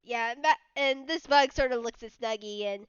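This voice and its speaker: A woman with a high, smooth voice narrates a tabletop game as its game master, circling back and restarting her sentences. The sound is dry and dull, with a lo-fi edge. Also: normal speed, no echo. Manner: rambling, full of restarts and "like".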